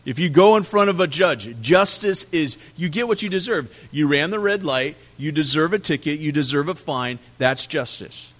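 A man with a somewhat high voice delivers a sermon to his congregation. He preaches with animation, hitting words hard and then letting them fall quiet. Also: moderate pace, few pauses. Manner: animated preaching, swinging from loud emphasis to quiet drops. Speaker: pastor.

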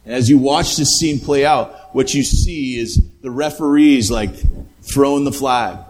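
A man preaching a sermon, retelling a film scene with lively quoted voices before drawing the lesson. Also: medium pitch, unhurried, a little hiss or hum. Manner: animated storytelling with quoted voices. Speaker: pastor.

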